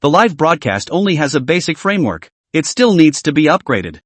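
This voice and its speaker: A man voicing a calm, confident young male boss giving instructions. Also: fairly high pitch, brisk, no echo.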